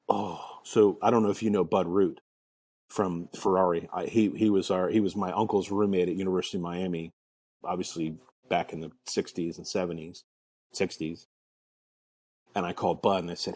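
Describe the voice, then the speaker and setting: A man's voice: sits low, normal speed. A middle-aged man telling a story as a guest in an interview, acting out the people he quotes. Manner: lively storyteller who acts out the people he quotes. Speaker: guest, car dealer.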